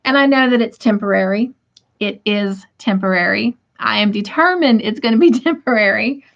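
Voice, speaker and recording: With a gravelly, mid-range voice at a moderate pace, a middle-aged woman hosts a laid-back livestream from home. She's chatty and laughs often while reading viewer comments out loud, and the stream audio sounds dull and lo-fi.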